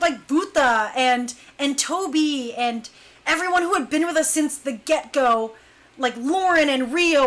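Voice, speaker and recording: A young adult woman casually telling a story about her dance crew, animated and laughing often as she acts out what others said. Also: high-pitched.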